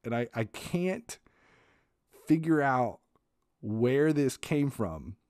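A man hosting a podcast, telling a comic family story in a casual, animated way, swearing, restarting sentences and laughing as he goes. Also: mid-range voice, slow pace, no room sound, clean studio sound. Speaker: podcast host.

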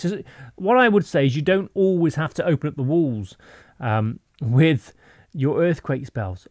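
A man's voice: on the high side, dry recording. A man hosting a gaming channel, giving playful, rambling gameplay commentary with goofy asides over a voice-over mic.

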